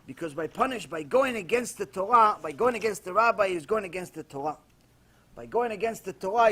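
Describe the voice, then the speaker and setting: A man who is a rabbi, giving a Torah lesson as a sermon and telling stories emphatically, dropping to a hush and then rising loud. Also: high-pitched, slightly rough. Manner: emphatic storytelling, swinging from hushed to loud.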